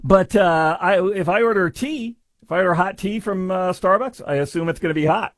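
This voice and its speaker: A man giving sarcastic commentary on a news story, mocking and full of deadpan asides. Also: high voice, moderate pace, no room sound, clean studio sound.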